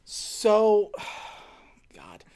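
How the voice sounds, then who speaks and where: A woman co-hosting a casual comedy podcast, sarcastically recapping a film and acting out its characters in quick quoted voices. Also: mid-range voice, huge pitch swings, warm tone, smooth.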